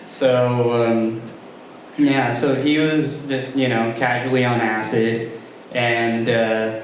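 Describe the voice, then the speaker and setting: A young man doing a stand-up comedy set, talking haltingly with many ums and restarts. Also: medium pitch, level tone, distant mic, a little hiss or hum. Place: comedy club room with a live audience. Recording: very roomy live room sound.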